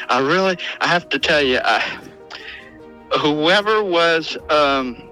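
A man's voice: on the high side, lively intonation, slow pace, bright, forceful tone, faint music behind, low-quality recording. A man appearing as a studio guest on a radio show, folksy and hesitant.

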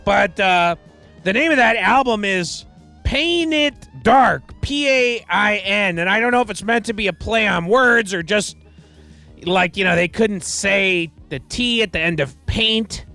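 A radio DJ man with a high, bright, sharp voice, talking into a studio mic with faint music playing underneath. He rambles wryly between song credits, tossing off deadpan asides and restarting his sentences as he goes. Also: a little slow, creaky. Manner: wry, digressive, self-deprecating, with restarts and deadpan asides. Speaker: radio DJ and host. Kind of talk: rambling casual radio DJ patter.

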